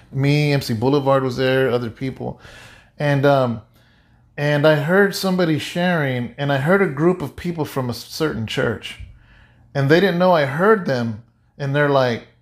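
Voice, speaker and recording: A male pastor giving an animated, conversational sermon-like talk, often repeating himself. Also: medium pitch. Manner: animated, repetitive, conversational preaching. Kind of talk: casual sermon-like chat.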